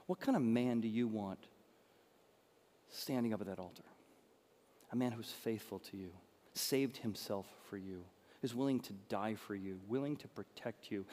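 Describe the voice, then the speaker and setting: Passionate male pastor in a reverberant hall. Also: mid-range voice. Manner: passionate, varying between soft and emphatic. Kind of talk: sermon.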